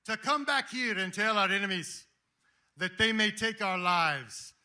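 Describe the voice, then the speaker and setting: A man shouting as a rousing rebel leader. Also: extremely high pitch, very animated, normal speed, echoey room, pitched above the performer's own voice, exaggerated voice. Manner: rousing, shouted battle speech. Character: rousing medieval rebel leader rallying troops.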